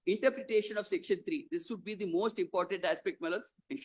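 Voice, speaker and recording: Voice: medium pitch, fast. An advocate making a formal courtroom argument, pressing rhetorical questions and repeatedly addressing the bench as "my lords".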